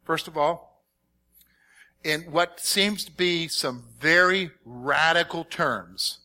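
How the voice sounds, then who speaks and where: A middle-aged man preaching a sermon, reading scripture and questioning his congregation in an animated, conversational way. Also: a little high, slow pace. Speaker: pastor.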